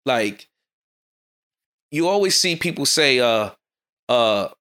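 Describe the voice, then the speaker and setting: A man hosting his own podcast, giving a fast, fired-up motivational talk in a casual street style. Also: mid-range voice, expressive, sharp tone, smooth. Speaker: podcast host.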